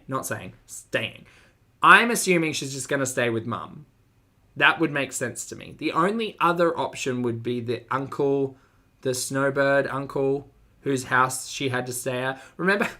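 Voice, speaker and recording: A playful Australian man talking on a live stream. His voice is bright and forward, at an ordinary middle pitch. He chats and jokes loosely as he reacts. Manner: playful, joking, chatty. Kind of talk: casual live-stream chat.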